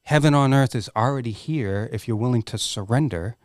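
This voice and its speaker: A man's voice: mid-range voice, brisk, darkish tone, dry recording, clean studio sound. A middle-aged man speaking as a podcast guest, telling a candid personal story in an earnest, emotional way and swearing freely.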